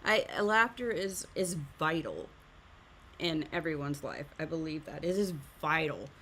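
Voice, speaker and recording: A woman's voice: low voice, big pitch swings, unhurried, pushed and bright, a little hiss or hum. A woman hosting a live art stream, chatting casually while teaching drawing and often laughing at herself.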